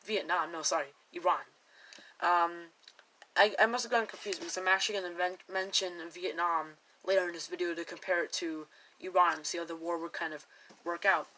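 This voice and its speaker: Bright-voiced young woman rambling opinions. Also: fairly low pitch, fairly even intonation, fairly quick, poor audio. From United States. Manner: rambling, self-correcting, with exaggerated mock quotes. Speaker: commentator. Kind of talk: casual opinion commentary to camera.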